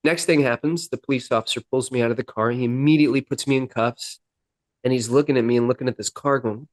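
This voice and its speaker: Frank, halting man in a dry room. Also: medium pitch, fairly even intonation, no room sound. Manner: candid, halting, with frequent restarts. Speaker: podcast guest. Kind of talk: personal storytelling.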